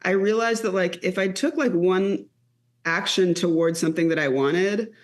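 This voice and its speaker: A woman in her late thirties, a comedian guest, chatting casually on a podcast in an animated, rambling way. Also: on the low side, normal speed. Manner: animated, rambling with many fillers.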